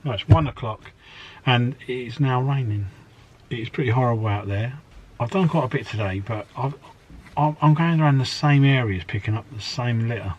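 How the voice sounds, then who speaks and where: Husky guy, tired and matter-of-fact, just chatting to the camera. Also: medium pitch, normal speed, dull audio. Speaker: vlogger's husband. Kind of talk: casual video diary chat.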